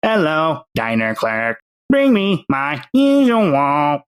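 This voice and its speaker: A man voicing a giant talking male Akita dog with a gruff, sardonic manner in a tabletop game. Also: on the high side, huge pitch swings, slow, full character voice. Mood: dry.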